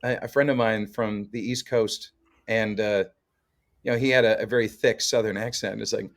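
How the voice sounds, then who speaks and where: A man from Canada talks in a fairly low voice, telling stories in a loose, joking way with plenty of fillers. He sounds like a musician relaxed on a podcast chat. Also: normal speed. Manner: chatty, jokey storyteller with many fillers. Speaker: guest co-host, musician.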